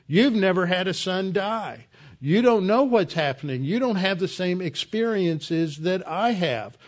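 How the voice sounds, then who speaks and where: A preacher puts on an arrogant grieving king who lashes out at anyone offering advice. The voice jumps high and loud, rushing out indignant retorts. It is emphatic acting within a sermon. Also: lively intonation. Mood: defiant. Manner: indignant, shouting back.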